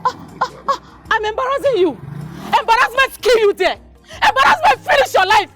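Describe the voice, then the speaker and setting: An actress with a Nigerian accent playing a furious woman who loudly shames a man who owes her money, shouting in Pidgin. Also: very high-pitched, lively intonation, a little fast, over loud music. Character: loud furious woman shaming a debtor in public. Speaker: businesswoman owed money. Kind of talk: Nollywood film acting.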